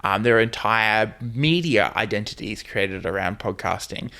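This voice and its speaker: A man's voice: on the low side, normal speed, sharp tone. An Australian man hosting a podcast in casual chat, rambling and leaning on "like" and "you know". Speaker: podcast host.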